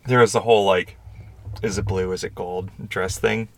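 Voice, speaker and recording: A man co-hosting a podcast in casual chat, joking with quick interjections. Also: low voice, fairly even intonation, fairly bright tone. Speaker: podcast co-host.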